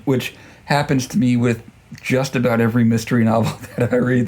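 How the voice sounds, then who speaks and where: A man's voice: medium pitch, a little mellow. A man giving a casual, rambling book review, full of fillers and restarts, often joking at his own expense. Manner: rambling, self-deprecating, many fillers and restarts.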